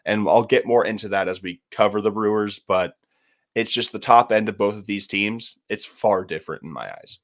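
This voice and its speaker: A man's voice: lowish voice, moderate pace, a bit bright, dry recording, clean studio sound. A man on a sports podcast, joking and acting out quotes as he chats. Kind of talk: casual sports podcast chat.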